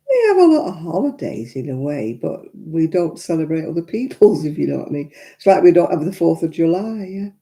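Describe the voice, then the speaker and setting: With a low, mellow voice and a sing-song lilt, an English crafter hosts a livestream at a moderate pace. She talks candidly and laughs frequently as she responds to comments from viewers.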